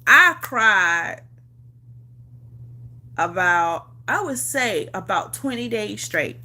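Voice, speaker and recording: A woman's voice: medium pitch, expressive, drawn-out words, sharp tone. A woman vlogger telling a personal story in a casual chat. She talks emphatically, repeats herself, swears freely and laughs often. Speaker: vlogger on a livestream.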